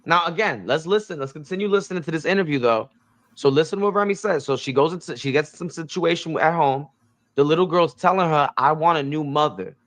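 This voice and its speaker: A man's voice: fairly high pitch, fast, a bit bright. Blunt, emphatic man reacting to clips. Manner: blunt, emphatic, repeats himself. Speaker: commentary host.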